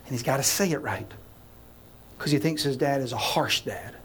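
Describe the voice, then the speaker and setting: Animated storytelling male pastor. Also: medium pitch, normal speed, a little hiss or hum. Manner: animated storytelling, acts out scenes, addresses listeners directly. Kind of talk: sermon.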